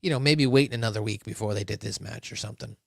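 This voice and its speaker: A man's voice: lowish voice, quick pace, gravelly, dry recording, clean studio sound. A man on a casual wrestling review show, ranting sarcastically and mocking what he saw. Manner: sarcastic, mocking, exasperated rants.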